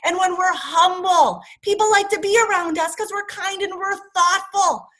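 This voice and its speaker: A woman's voice: extremely high pitch, moderate pace, few pauses, bright, forceful tone. A woman teaching young children on a video call, telling a story dramatically and coaxing them to join in.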